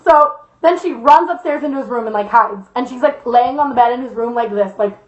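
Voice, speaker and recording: A woman's voice: fairly high pitch, fairly quick. A young woman vlogger telling a storytime tale in a dramatic, profane way, full of fillers. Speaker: YouTuber. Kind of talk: storytime vlog. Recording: echoey lo-fi room sound.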